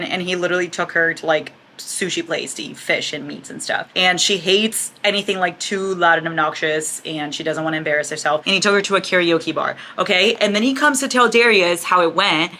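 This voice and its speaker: A woman's voice: on the low side, sharp tone. A young woman chatting casually as a reading vlogger at home, gushing and exasperated about her book and swearing freely. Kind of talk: casual chat.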